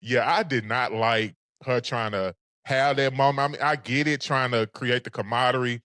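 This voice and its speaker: A man co-hosting a casual recap show, talking in a sassy, animated way. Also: mid-range voice, normal speed, no echo, clean studio sound. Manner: sassy, animated, sings phrases. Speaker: podcast co-host.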